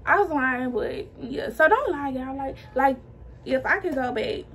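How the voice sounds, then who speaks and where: A woman's voice: high-pitched, unhurried, vocal fry, a bit bright. A young woman vlogger telling her own story in casual, slangy chat to her viewers, animating the people she quotes. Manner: chatty and slangy, addressing viewers as y'all.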